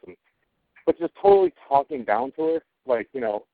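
This co-host has a mid-range voice with big pitch swings and a brisk delivery. In casual podcast chat, he rants profanely and crankily about television, on dry, tinny phone-like audio with no room sound.

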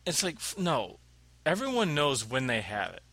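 In a relaxed chat, a man tells a meandering story about work, laughing along the way and putting on silly voices for the people he quotes. His mid-range voice sounds bright and tense, with huge pitch swings at a normal pace. The recording is close and dry, with no room sound.

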